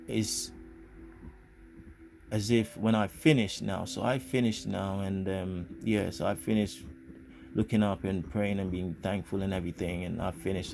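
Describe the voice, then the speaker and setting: A man's voice: sits low, fairly even intonation, measured pace, gravelly, pauses often, over music. A man telling a personal spiritual story in an earnest, rambling way, full of fillers and restarts. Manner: earnest, grateful. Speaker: vlogger.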